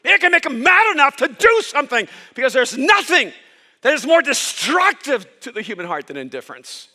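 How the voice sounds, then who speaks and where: A male pastor preaching a sermon with impassioned storytelling that rises toward near-shouts. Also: extremely high pitch, sing-song, a little fast.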